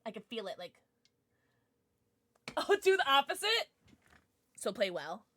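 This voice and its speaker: A bubbly young woman chatting on a livestream from her home setup into a desk mic. Her voice sits a little high and swoops all over as she jokes, squeals, and gasps at new followers. The banter sounds playful and slightly tipsy. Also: very animated, a little slow, pushed and bright. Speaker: streamer. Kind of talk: casual livestream chat with viewers.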